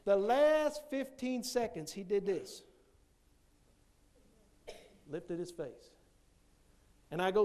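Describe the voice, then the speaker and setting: A man's voice: sits high, slow pace, pauses often. A man who coaches, giving a motivational speech to teachers and acting out the dialogue in his stories. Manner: animated storyteller who acts out dialogue.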